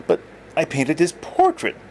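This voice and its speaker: A man voicing a calm, matter-of-fact party host in a story he reads aloud. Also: fairly high pitch, unhurried, slight background noise, voice pushed up. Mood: dry.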